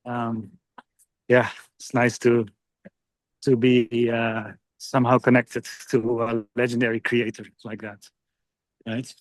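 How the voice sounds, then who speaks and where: A man's voice: medium pitch, little pitch movement, slow pace, long pauses, dry recording. A man chatting casually on a group video call, friendly and full of fillers. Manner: friendly, laughing, filler-heavy. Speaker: call participant.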